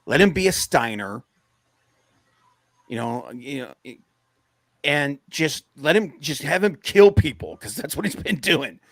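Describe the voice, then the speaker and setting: Podcast co-host, gravelly male voice, rambling casual rants, full of ums and sudden excitement, dry close sound. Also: on the high side, unhurried, pauses often, dry recording. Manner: rambling, many fillers, gets excited and rants. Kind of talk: casual wrestling podcast chat.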